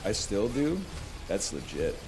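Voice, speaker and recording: A man's voice: lowish voice, very animated, a little slow, noisy background. A man in his thirties, a streamer chatting casually and jokingly while he plays a video game, drifting from one tangent to the next. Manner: rambling, joking, wanders off on tangents.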